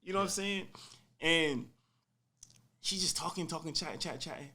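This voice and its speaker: A young man casually telling a personal story on a podcast, animated and full of slang, acting out what people said. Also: on the high side, brisk. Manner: animated, slangy, acts out quotes.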